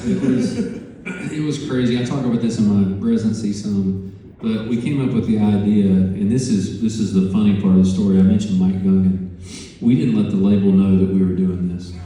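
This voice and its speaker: A man telling an animated story on stage, acting out phone calls with profane asides. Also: fairly low pitch, normal speed, slight background noise. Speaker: musician interviewed on stage. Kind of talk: storytelling interview before a live audience. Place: large conference hall. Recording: echoey hall, distant mic.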